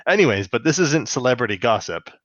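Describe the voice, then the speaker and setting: Very animated and fast, this mid-range male voice with a fairly bright tone belongs to a podcast co-host chatting casually from his US West Coast home. He laughs a lot, jokes, swears freely, and acts out quotes. The recording is dry, with the highs cut off.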